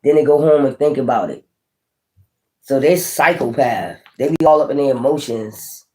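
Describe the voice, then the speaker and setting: A man giving a casual tarot reading, blunt and profane, with animated swings in delivery. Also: mid-range voice, moderate pace. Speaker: tarot reader.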